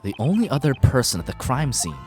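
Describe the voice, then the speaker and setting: A woman streaming a game, reading the dialogue aloud with drama and bursting into excited shrieks. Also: rumbling low, quick pace, faint music behind. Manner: reads lines dramatically, breaks into loud excited shrieks and laughter. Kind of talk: live-stream game playthrough with voiced lines.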